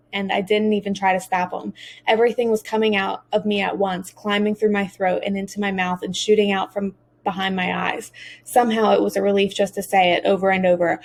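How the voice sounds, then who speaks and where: A woman's voice: mid-range voice, level tone, brisk, vocal fry, a little mellow. A woman narrating a first-person audiobook as a teenage boy, earnest and emotional.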